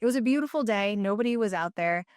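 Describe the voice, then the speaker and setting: A middle-aged woman, a nutrition practitioner, speaking as a guest in a podcast interview, explaining eagerly in quick lists. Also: mid-range voice, lively intonation, clean tone, dry recording, studio quality.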